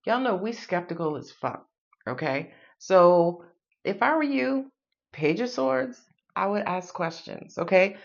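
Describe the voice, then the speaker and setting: A woman's voice: on the low side, animated, unhurried, creaky. A woman with a New York accent reads tarot in a loose, sassy way, joking and swearing as she talks. The recording sounds a little dull and lo-fi. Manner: sassy, playful, swearing, laughs often. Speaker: tarot reader. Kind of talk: casual tarot reading.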